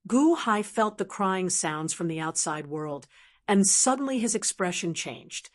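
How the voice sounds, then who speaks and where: A woman narrating a fantasy novel audiobook in a steady, even reading style. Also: medium pitch, a little slow. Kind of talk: scripted narration.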